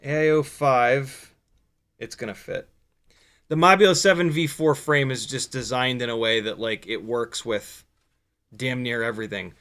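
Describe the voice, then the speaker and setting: A man's voice: mid-range voice, moderate pace, a bit bright, clear, resonant tone. A man hosting a livestream, chatting loosely as he works and answering viewer questions, with casual swearing and dry sarcasm. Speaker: livestream host building a drone.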